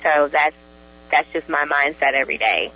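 A woman's voice: low-pitched, moderate pace, sharp tone. A woman guest on a radio ministry show, talking with joy and enthusiasm, often laughing. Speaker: guest in deliverance ministry training. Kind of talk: casual radio conversation. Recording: dull lo-fi radio sound.

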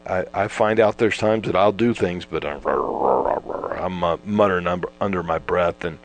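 Folksy low-voiced man preaching. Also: a little hiss or hum, low-quality recording. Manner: folksy, repetitive, with restarts and emphatic repetition. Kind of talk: informal Bible teaching.

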